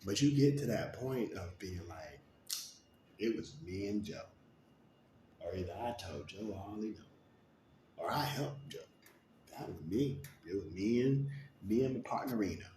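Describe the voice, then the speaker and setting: A man from New York in a rambling personal monologue, acting out overheard chatter in quick shifting voices and laughing between thoughts. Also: on the low side, expressive, mellow, echoey room, slight background noise.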